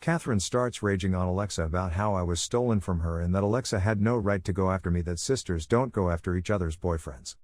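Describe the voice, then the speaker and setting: A man reading a first-person story aloud in steady scripted narration. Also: sits low, fast, hardly any pauses.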